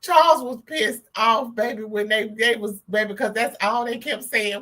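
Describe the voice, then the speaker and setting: A woman co-hosting a livestream, chiming in with animated, laughing comments. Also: fairly high pitch, moderate pace. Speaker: livestream co-host. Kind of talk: casual gossip commentary.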